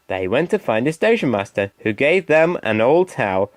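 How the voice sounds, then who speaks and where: Expressive man reading a storybook. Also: mid-range voice, normal speed, few pauses, no echo. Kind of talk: reading a children's storybook aloud.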